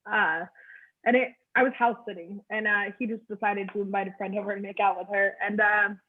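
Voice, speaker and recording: A woman's voice: medium pitch, fairly even intonation, fairly quick. A middle-aged woman performs stand-up comedy over a video call, her delivery crude and offhand. Her voice sits in a middle register. The sound is tinny and narrow, like a phone line.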